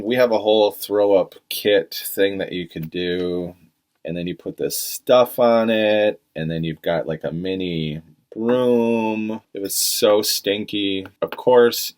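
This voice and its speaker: A middle-aged man casually telling a retail work story on a podcast, profane and exasperated, acting out quotes. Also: deep voice.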